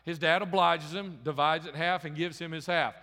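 A high-pitched male pastor delivers a sermon in a church sanctuary, retelling a story casually and stumbling over repeated words. His voice is bright and forceful, and a long reverb trails behind it. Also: steady tone, a little fast. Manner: conversational storytelling with frequent restarts.

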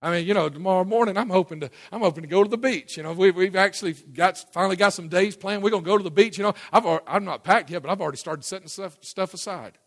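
A man's voice: high-pitched, quick pace, few pauses, fairly bright tone. A middle-aged man preaching a conversational sermon to a church audience, folksy, asking the crowd questions and often restarting his words. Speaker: pastor. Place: church before a live audience.

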